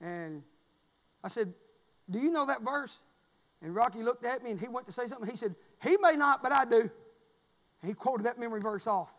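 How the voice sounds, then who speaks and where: High-voiced preacher in a reverberant church. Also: male voice, normal speed, pauses often. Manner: folksy, storytelling, rising to shouts. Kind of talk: sermon. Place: church sanctuary. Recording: long reverb of a church hall.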